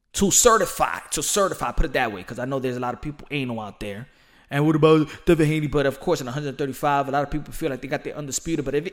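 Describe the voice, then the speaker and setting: A man's voice: fairly high pitch, a bit bright. A man hosting his own podcast, talking in a passionate, rambling way with casual slang and many repeats. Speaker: podcast host. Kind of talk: solo podcast commentary.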